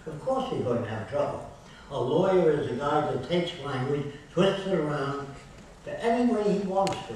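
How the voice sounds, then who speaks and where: A man's voice: on the high side, a little mellow, slight background noise. An older man giving a public lecture in a university hall, speaking in emphatic, declarative statements and running through lists. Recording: very echoey hall, recorded from far off.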